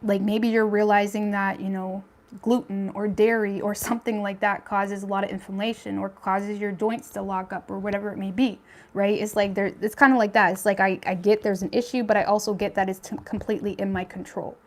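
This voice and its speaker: A woman's voice: medium pitch, level tone, fairly quick. A young woman giving a casual tarot reading, talking in a chatty, blunt way with lots of fillers and some swearing. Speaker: tarot reader.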